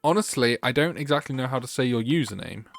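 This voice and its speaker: A man's voice: medium pitch, gravelly, fairly bright tone. A man streaming a game, reading its text aloud and chatting with his viewers. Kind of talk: gaming livestream chat.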